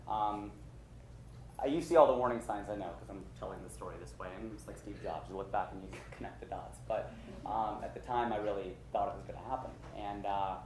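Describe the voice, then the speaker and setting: Self-mocking man telling a story. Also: medium pitch. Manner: self-mocking, lively, with frequent fillers. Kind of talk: live comedic storytelling. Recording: echoey stage room with loud noise.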